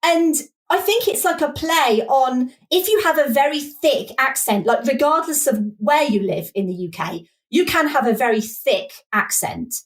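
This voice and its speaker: Podcast guest, English woman, Midlands accent, animated, swooping high voice. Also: normal speed, hardly any pauses. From England. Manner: animated, laughing, quotes lines in character voices. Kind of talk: casual chat.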